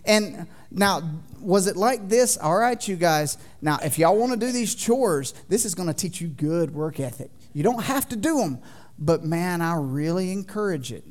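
Animated joking pastor preaching a sermon. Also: male voice, high voice, moderate pace. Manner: animated, swings from loud to quiet; folksy, joking with the congregation. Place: church sanctuary.

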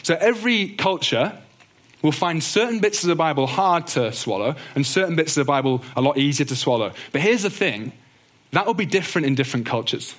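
Bible teacher, male, slightly higher voice, earnest and gentle delivery. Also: lively intonation, fairly quick. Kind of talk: teaching talk on doctrine.

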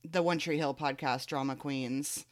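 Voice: medium pitch, fairly even intonation, moderate pace. A podcast co-host chatting casually, telling stories in a rambling way full of fillers. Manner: rambling, filler-heavy storytelling. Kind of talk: casual chat.

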